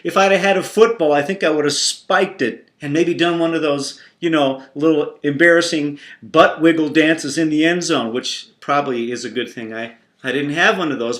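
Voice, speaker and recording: A man teaching a Christian devotional through a playful family story. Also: on the high side. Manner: warm, playful, expressive storyteller. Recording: roomy echo.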